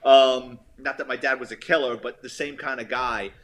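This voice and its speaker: A middle-aged man with a New York accent from the Bronx, a retired detective telling animated stories as a guest. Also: mid-range voice, normal speed. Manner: animated, lively storyteller acting out quotes. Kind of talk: casual storytelling interview.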